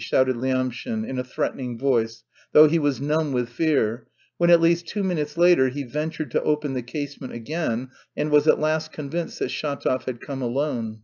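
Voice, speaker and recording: A man narrating a classic novel as an audiobook in a measured, even reading. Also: mid-range voice, lo-fi sound.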